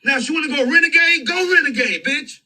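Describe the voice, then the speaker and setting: A man putting on the voice of a brash, rowdy male sidekick who goads in short shouts. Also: extremely high pitch, lively intonation, fast talker, pitched above the performer's own voice, heavily acted. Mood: goading.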